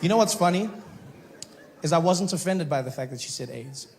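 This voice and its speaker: A man doing a stand-up comedy set, animated, slipping into other people's voices and shouting at the audience from a club stage. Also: a little high, fairly quick, a little hiss or hum. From South Africa.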